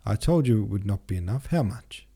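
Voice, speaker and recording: A man's voice: lowish voice, expressive, fairly quick, gravelly, dark tone, breathy edge, heavily acted. A man reading an audiobook, voicing a flustered old nobleman father. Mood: shocked.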